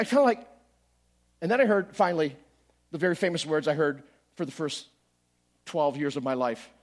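A middle-aged male pastor preaching a story-filled sermon, swinging from quiet asides to loud bursts as he acts out his own prayers. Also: on the high side, lively intonation, moderate pace, long pauses.

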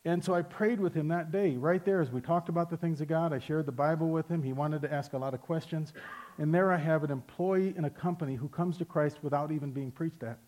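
Storytelling male pastor, fairly high voice. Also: fairly quick, a little mellow. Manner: storytelling, conversational, calls out "Amen?". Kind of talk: sermon.

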